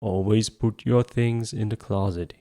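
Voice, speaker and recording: A man's voice: fairly low pitch, fairly even intonation, measured pace, dark tone. A man voicing a stern, overworked father who scolds his son in a raised voice.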